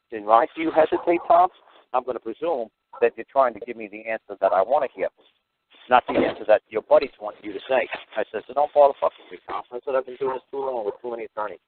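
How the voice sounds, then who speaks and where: Fast-talking blunt man on talk radio. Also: mid-range voice, slight background noise. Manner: blunt, profane, animated storyteller. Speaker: radio show host. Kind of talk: call-in radio talk, storytelling. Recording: tinny phone-line radio audio.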